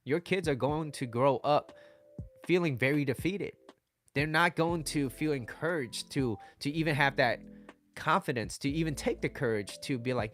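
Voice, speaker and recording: A man's voice: on the high side, moderate pace, a bit bright, faint music behind. A man coaching viewers on dating and relationships in a casual livestream, often checking in with "right?" and "okay?".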